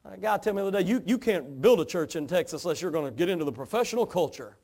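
Here the East Tennessee pastor, a middle-aged man with an Appalachian hillbilly accent, sounds high, animated and rapid-fire. He drawls through a folksy sermon that swings from hushed stories to fervent urging.

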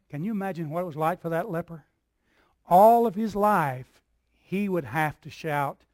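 A man preaching a sermon as pastor, building in repeated phrases and swinging from soft, low lines to loud cries. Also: moderate pace, no echo, clean studio sound. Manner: preaching with call-and-response rhythm, dropping soft then shouting.

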